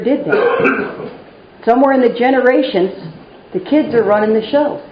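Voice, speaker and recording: A woman's voice: on the high side, moderate pace, long pauses, a little hiss or hum. A middle-aged woman from Texas giving a personal recovery talk, candid and wry, poking fun at herself as she tells her story. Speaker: recovery meeting speaker. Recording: roomy, dull live recording.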